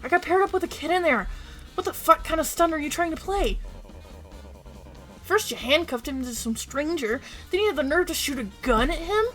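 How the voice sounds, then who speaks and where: A woman's voice: extremely high pitch, animated, soft background music, pitched above the performer's own voice, low-quality recording. Woman doing an angry, confrontational prisoner. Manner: confrontational, rapid-fire. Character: angry, protective prisoner contestant. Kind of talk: reading game dialogue aloud.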